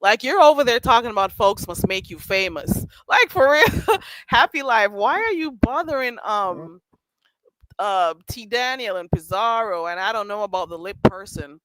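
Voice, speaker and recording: A woman's voice: medium pitch, lively intonation, moderate pace, fairly bright tone, no echo, poor audio. A woman hosting a casual livestream, chatting and teasing viewers by name and laughing often. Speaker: livestream host. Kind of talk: casual chat reading live chat. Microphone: streaming mic.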